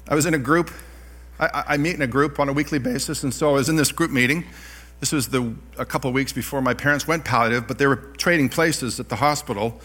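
A middle-aged man preaching a sermon, telling personal stories with animated delivery and self-deprecating laughs. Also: mid-range voice. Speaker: pastor.

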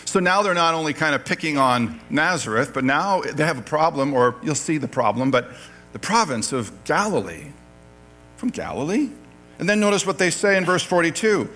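A man from Canada delivers a conversational sermon, reading scripture passages and pausing to rephrase himself. His voice sits a little high for a man. Faint music plays behind him. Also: lively intonation, bright, forceful tone. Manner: conversational, quoting scripture, self-correcting. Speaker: pastor.

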